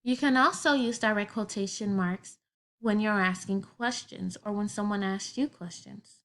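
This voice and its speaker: A woman's voice: medium pitch, moderate pace, fairly bright tone. A woman teaching a grammar lesson to children, explaining patiently step by step with everyday examples.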